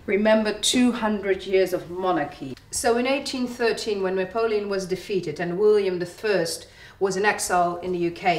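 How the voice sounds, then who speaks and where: A woman's voice: mid-range voice, reverberant, rough recording. Woman guiding a distillery tour. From Netherlands. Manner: explanatory, storytelling, lists products. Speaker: distillery museum guide. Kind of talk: guided tasting tour. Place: indoor distillery museum.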